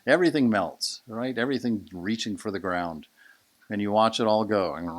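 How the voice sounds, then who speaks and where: A man in his sixties giving a conversational Sunday sermon as a swami, asking "right?" often and moving from hushed to emphatic. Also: on the low side, moderate pace. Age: 60s. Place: monastery lecture hall.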